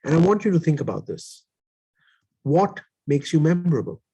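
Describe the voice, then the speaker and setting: A man's voice: a little high, sing-song, normal speed, creaky, dark tone, slightly rough, rough recording. A man on a panel coaching salespeople, laying out his advice point by point. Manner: instructive, lays out points in numbered steps. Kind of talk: coaching talk.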